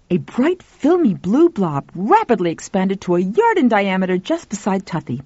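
A woman narrating an audiobook in a steady, expressive reading. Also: mid-range voice, normal speed, hardly any pauses, no room sound. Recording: dull dry lo-fi recording.

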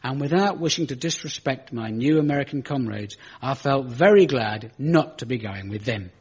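Lively-voiced British comic, lo-fi radio. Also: male voice, moderate pace, husky. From Britain. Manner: dry, self-mocking, rises to exasperated high pitch. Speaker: stand-up comedian and radio show host. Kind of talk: stand-up comedy monologue with audience questions. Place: studio with live audience.

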